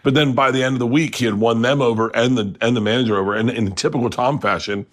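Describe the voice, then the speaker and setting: A man in his fifties hosting a podcast, telling a funny story in a casual, animated way, often laughing and acting out other people's lines. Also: fast talker. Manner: animated storyteller, acts out quotes with big pitch jumps, laughs often. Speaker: podcast host.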